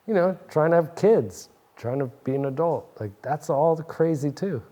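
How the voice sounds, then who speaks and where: A man's voice: on the high side, lively intonation, normal speed, dark tone. A man in his forties from New Jersey, an interview guest in loose, rambling, profane casual chat, laughing often. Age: 40s.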